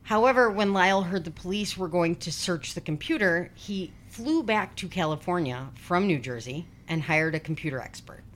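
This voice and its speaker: A woman's voice: fairly low pitch, animated, moderate pace, hardly any pauses, a little hiss or hum. Blunt, sweary woman in her forties. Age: 40s. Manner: blunt, sweary, sarcastic asides. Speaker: podcast host. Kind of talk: casual true-crime storytelling.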